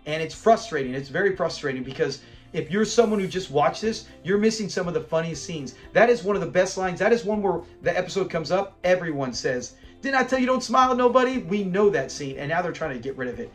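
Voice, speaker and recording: A man hosting a fan channel, giving a casual, animated recap of a classic sitcom episode and acting out lines as he goes. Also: a little high, a little fast, soft background music. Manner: animated, retells scenes while acting out lines and laughing.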